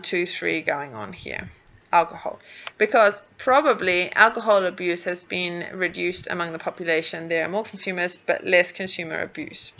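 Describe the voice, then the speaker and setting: A woman's voice: fairly low pitch, creaky, pushed and bright, highs cut off. A woman whose first language is Spanish, an English teacher giving recorded feedback on a speaking task, patiently sounding out words for pronunciation.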